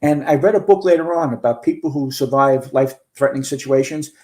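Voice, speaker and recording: A man in his sixties, once a fire chief, tells a long, earnest story about fighting a fire, in close detail. His voice is warm and mellow, sitting at an ordinary middle pitch. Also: a little fast. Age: 60s. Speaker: guest, retired fire chief. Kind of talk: recounting a firefight in a podcast interview.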